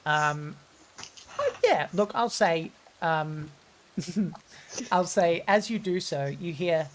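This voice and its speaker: Low-voiced woman game master. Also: slow, pauses often, a little hiss or hum. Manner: relaxed, hesitant, many ums. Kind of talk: narrating a tabletop game.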